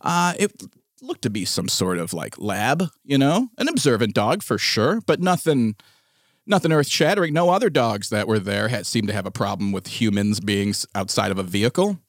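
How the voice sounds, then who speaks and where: A man in his thirties or forties hosting a podcast, telling a story in casual chat, animated and exasperated, laughing often. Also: on the low side, normal speed, no echo, clean studio sound. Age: 30s to 40s. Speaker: podcast host.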